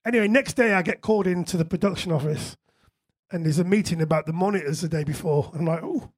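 A man's voice: fairly high pitch, fast. A man, a musician guest at a live on-stage Q&A, telling chatty anecdotes with frequent laughter and casual swearing. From England.

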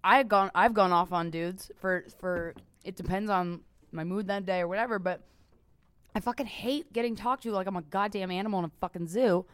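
A woman's voice: medium pitch, moderate pace. A young woman co-hosting a casual talk show, blunt and profane as she vents frankly. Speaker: podcast co-host. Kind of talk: casual chat.

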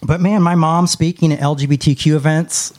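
A young adult man telling a personal story in a casual podcast chat, with his voice jumping up high when he quotes others. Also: brisk. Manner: animated, rises high when quoting others. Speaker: podcast co-host.

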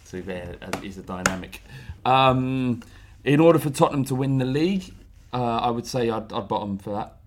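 A man's voice: mid-range voice, lively intonation, normal speed, hardly any pauses, a little hiss or hum. A man, co-hosting a casual podcast and joking around with friends. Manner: joking, laughs often. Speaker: podcast co-host. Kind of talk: casual banter.

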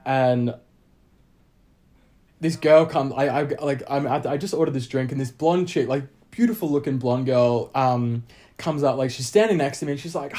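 A man's voice: fairly high pitch, normal speed, dark tone. Rambling Australian guy telling a story. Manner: rambling, many fillers and restarts. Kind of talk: casual storytelling chat.

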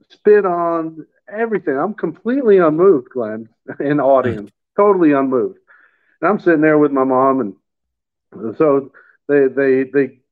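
A man in middle age telling his faith story in casual chat, halting and repeating words as he gets emotional. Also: mid-range voice. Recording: phone-line sound.

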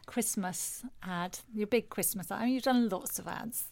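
A woman's voice: medium pitch, moderate pace, vocal fry, darkish tone. Chatty woman hosting a podcast. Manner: chatty, laughs easily, frequent ums. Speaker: podcast host. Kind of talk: casual chat.

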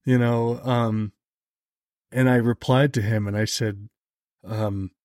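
A man chats as a podcast guest and spins a long, animated anecdote, with plenty of "like" fillers. His voice sits at a middle pitch. The close mic sounds dry, with no room around it. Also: slow, no echo. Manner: animated, heavy on "like" fillers, jumps higher when quoting others. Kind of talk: casual storytelling chat.

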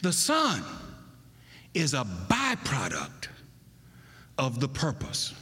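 A man's voice: medium pitch, wildly swooping pitch, takes it slowly. Preacher guy in a big church, voice swoops all over, echo hangs in the hall. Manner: dramatic swings between loud emphasis and hushed tones. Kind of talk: sermon. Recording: long reverb of a large hall.

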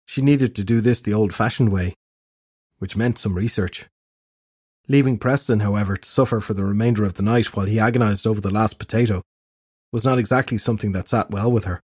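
A man narrating a fantasy novel in steady, even storytelling. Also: fairly low pitch, brisk, breathy edge, dry recording, studio quality. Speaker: audiobook narrator.

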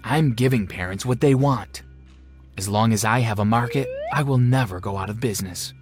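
A man voicing a stern, calm, scheming female school principal who talks in a cold, measured, threatening way, in a storybook reading. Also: on the low side, music in the background, natural voice. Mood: calm menace.

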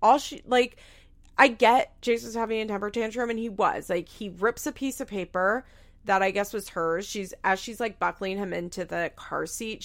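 Young female recap host with a gravelly edge, talking frankly and casually. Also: mid-range voice, fairly bright tone. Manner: frank, swears freely, many "like"s. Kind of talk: casual opinionated commentary.

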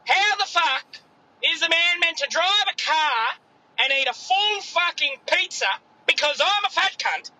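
Man, crude rant, high voice, very bright and sharp. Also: animated, a little slow, rough recording. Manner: crude, ranting, swears constantly. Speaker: caller with a gripe. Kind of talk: ranting voice message.

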